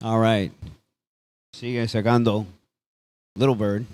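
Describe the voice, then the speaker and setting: Excitable commentator, man. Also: lowish voice, unhurried, no room sound. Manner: casual, excitable, mixes in Spanish phrases. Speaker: sports commentator. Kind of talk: live play-by-play commentary.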